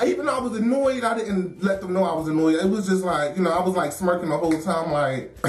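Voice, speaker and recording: Wry, animated woman telling a story. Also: fairly low pitch, brisk. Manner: animated, laughs often, wry. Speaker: storyteller in a documentary. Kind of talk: casual storytelling. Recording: roomy echo with faint music.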